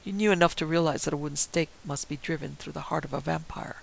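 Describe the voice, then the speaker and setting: A man's voice: fairly high pitch, quick pace, gravelly, rough recording. A man voicing a stern, dispassionate older male professor who hunts vampires, in a story reading. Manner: cold, dispassionate. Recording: faint hiss.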